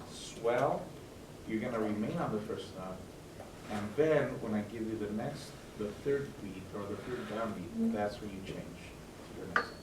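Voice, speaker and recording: A man with a fairly low voice, far from the mic amid background noise, conducts a school band rehearsal. Between passages he coaches the players and often asks whether it makes sense. The sound is roomy, with the band playing.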